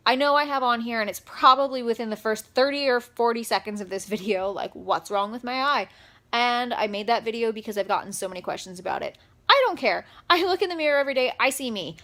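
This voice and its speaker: A young woman talking straight to camera in a personal vlog, upset and close to tears, speaking haltingly with many pauses and fillers. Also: fairly high pitch, fairly bright tone. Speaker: vlogger.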